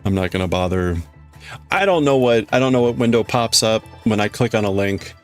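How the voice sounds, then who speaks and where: Man, livestream host, casual rambling chat, low voice, soft music in the background. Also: animated, brisk. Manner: rambling, chatty, frequent restarts.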